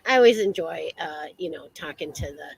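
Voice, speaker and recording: A woman's voice: low voice, expressive, a little fast, vocal fry, husky, low-quality recording. An American woman co-hosting a casual podcast chat, rambling with many fillers and restarts. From United States. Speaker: podcast co-host.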